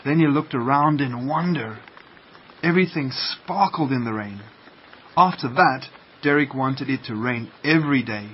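A man reading a children's story aloud on the radio in a slow, gentle read-aloud manner. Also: medium pitch, expressive. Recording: muffled lo-fi radio, faint hiss.

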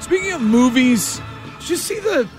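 A man's voice: extremely high pitch, soft background music. A man hosting a sports radio talk show, bantering casually and laughing often. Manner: animated, quick to laugh.

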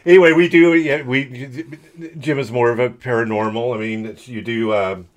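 A man's voice: medium pitch, fairly even intonation, moderate pace. A man with a Californian accent, hosting a podcast in a loose, joking, rambling way. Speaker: podcast host.

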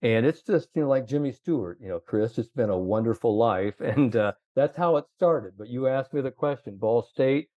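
A man's voice: mid-range voice, lively intonation, moderate pace, hardly any pauses, no echo, dull audio. A middle-aged man, a sports psychologist, telling long rambling anecdotes full of fillers and quoted dialogue. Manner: rambling anecdotes with many fillers, quoting others. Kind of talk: casual storytelling.

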